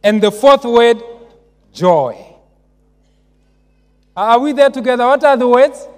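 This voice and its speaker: Male pastor, very high voice, call-and-response sermon, long hall reverb. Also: slow pace. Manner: call-and-response, rising to emphatic shouts. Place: large church.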